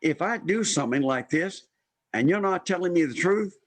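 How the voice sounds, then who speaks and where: An older man telling a personal story in an interview, animated and acting out the voices of people he quotes. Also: high-pitched, moderate pace, no room sound. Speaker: guest storyteller.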